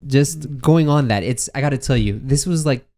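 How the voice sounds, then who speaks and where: A man's voice: normal speed, darkish tone. A young man from the Boston area co-hosting a casual chat, a chatty storyteller who laughs easily. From Boston area, United States. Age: young adult. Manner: chatty storyteller, laughs easily, does high voices for relatives. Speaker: podcast co-host.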